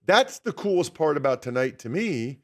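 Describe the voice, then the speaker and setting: A man's voice: fairly high pitch, normal speed. Man hosting sports talk radio. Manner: animated storytelling, asks each panelist in turn. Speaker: guest radio host. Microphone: studio microphone.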